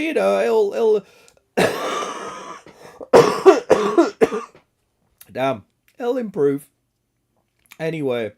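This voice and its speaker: Hoarse man, gravelly, casual sweary banter, live stream host. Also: on the high side, darkish tone. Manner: joking, sweary banter greeting chat viewers. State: hoarse, raspy throat from illness. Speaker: game streamer.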